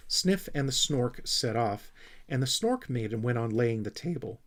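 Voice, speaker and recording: Expressive man reading a storybook. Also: medium pitch, a little slow. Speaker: audiobook reader. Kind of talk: storybook narration.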